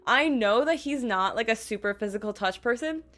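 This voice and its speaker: A young woman telling a casual storytime vlog, bubbly and quick, full of "like" and acted-out quotes. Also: fairly high pitch, expressive, a bit bright. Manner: bubbly, quick, lots of "like" fillers and quoted voices. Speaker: vlogger.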